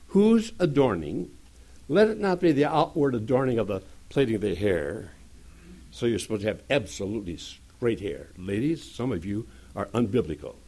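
A man's voice: mid-range voice, a little mellow. A man preaching a sermon, explaining scripture with joking asides and frequent restarts.

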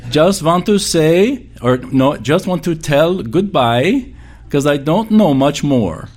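A man imitating his elderly great-grandmother in her nineties, speaking slow, broken English in a deep Russian accent. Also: expressive, noisy background. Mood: tender. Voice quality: deep accented old-lady voice.

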